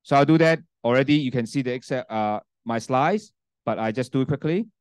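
A Cantonese-speaking male university lecturer runs a classroom lecture while demoing a spreadsheet, often asking "okay?" and "right?" and restarting his sentences. His medium-pitched voice is smooth, a little mellow, and a little fast. The recording is dry, made on a handheld mic that he sometimes sets down.

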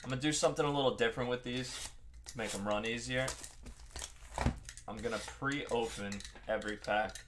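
A man's voice: medium pitch, normal speed, long pauses, background noise. A young man with a Long Island accent hosting a live card-break stream, chatting casually with viewers by name while opening packs. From Long Island, New York.

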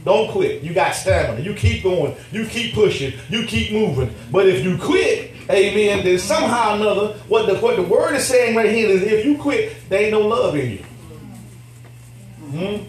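A man with a fairly high voice preaches a lively sermon, laughing as he acts out both sides of his talks with God. He sounds far from the mic, his voice ringing around a very echoey church. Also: normal speed. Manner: animated, laughing preacher acting out dialogue with God. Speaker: pastor.

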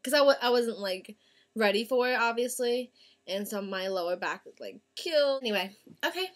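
A young woman with a slightly high voice talks chattily about her purchases, gushing and drawing out her words. Her casual vlog tone stays bubbly. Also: animated, moderate pace. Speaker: vlogger. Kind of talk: casual haul video chat.

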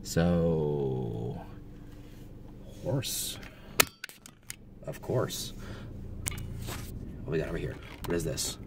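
There's a noisy backdrop as a man with an extremely low, gravelly voice vlogs from his car in a village, speaking very slowly with long pauses. Still excitable and full of wonder, he reads the signs aloud as he goes.

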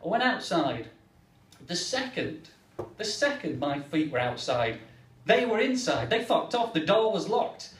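A man's voice: high voice, unhurried, slight background noise. An English man performing a stand-up comedy set, acting out the people in his stories. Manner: animated, acts out the characters. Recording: echoey room, mic from far off.

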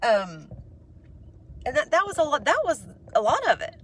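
A woman's voice: high-pitched, sing-song, normal speed, slight background noise. A woman ranting to her viewers in a casual vlog, congested and stuffed up, rambling with many "um"s and restarts, frank and exasperated. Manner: exasperated, pleading. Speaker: vlogger. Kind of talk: casual rant to camera.

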